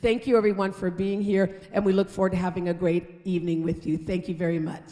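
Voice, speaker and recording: A woman's voice: lowish voice, little pitch movement, fast, dark tone. A woman mayor addresses an awards crowd in an earnest, rallying tone and calls out to the audience to get them going. Her voice rings through a large theater with long reverb. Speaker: mayor giving a welcome speech. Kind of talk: public speech at an awards ceremony.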